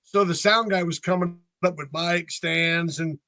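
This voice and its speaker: A man's voice: a little high, steady tone, measured pace, bright, forceful tone, no echo. A man in his sixties from North Carolina, a band frontman telling stories in a casual interview and acting out other people's lines. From North Carolina, USA. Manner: chatty storyteller, acts out other people's lines.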